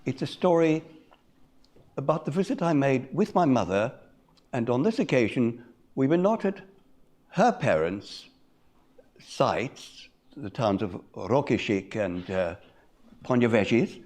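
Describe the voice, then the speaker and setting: An older man speaks in a measured, reflective way, pausing often as he recounts a personal story to a conference audience. His pitch rises and falls a lot, and his voice sits in a middle register. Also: very animated, a little mellow. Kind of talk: personal story told in a talk.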